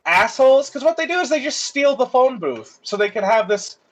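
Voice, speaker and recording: A man's voice: very high voice, very animated, brisk, poor audio. A man in casual chat, retelling a movie plot in a rambling, loose way and swearing freely.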